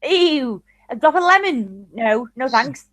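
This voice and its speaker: A woman's voice: high-pitched, big pitch swings, slow pace, fairly bright tone, dry recording. A woman in a voice chat, blunt and contradicting the others. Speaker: voice chat participant.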